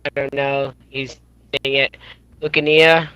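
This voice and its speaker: A man running a roll-call vote in a casual group voice chat, joking as he goes and a bit hoarse. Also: mid-range voice, little pitch movement, measured pace, bright, forceful tone, no echo, poor audio.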